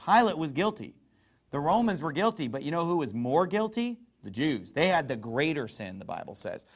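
A man preaching a sermon, emphatic, with sharp swings in loudness and scripture quoted in old-fashioned wording. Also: a little high, very animated, moderate pace. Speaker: pastor.

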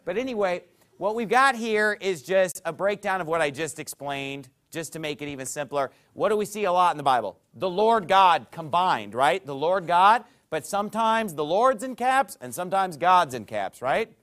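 A man with a fairly high, very animated voice preaches a teaching sermon in a church. He leans hard on key words, then drops to quiet asides, checking in with his listeners again and again. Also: normal speed. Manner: teaching with a chart, frequent "okay?" check-ins; emphatic swings between loud and soft. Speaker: pastor.

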